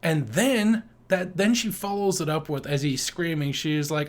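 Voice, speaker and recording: A man co-hosting a podcast in casual chat, crude and joking, with an animated way of talking. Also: fairly high pitch, a little slow. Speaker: podcast co-host.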